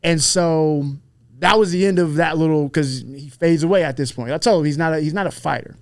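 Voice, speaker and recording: A man with a fairly high voice tells a story in loose, casual chat. He swears freely and acts out the voices of the people he quotes. The sound is dry and close. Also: brisk, dry recording. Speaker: podcast guest, fighter.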